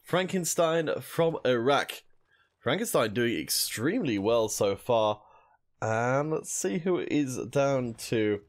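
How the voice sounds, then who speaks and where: A young man casts a mobile shooter tournament solo, his medium-pitched voice animated but slow. Between plays he reads chat and talks with viewers.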